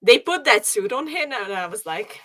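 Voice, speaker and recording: Bright, excitable higher-voiced woman. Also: moderate pace. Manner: excitable, gushing, many short agreements. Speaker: podcast co-host. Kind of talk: casual chat about films.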